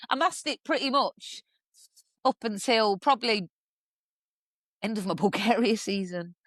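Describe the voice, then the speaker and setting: A woman's voice: medium pitch, unhurried, no room sound, studio quality. A woman from England in her thirties, a podcast guest telling stories with lots of laughing and acted-out voices. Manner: animated, acts out voices, swears, laughs often. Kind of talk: casual storytelling chat.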